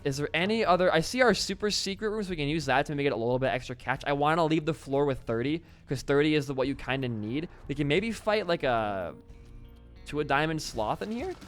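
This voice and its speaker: A young man casually commentating his own gameplay, excitable and swearing freely as he talks at the game. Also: fairly high pitch, a little fast, soft background music. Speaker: gaming channel host.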